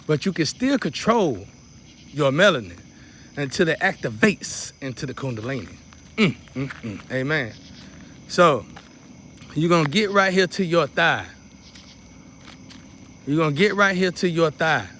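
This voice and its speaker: A spiritual teacher with a fairly high, bright voice guides a meditation in a loose, casual, repetitive way, tossing in preacherly asides. Slight background noise can be heard.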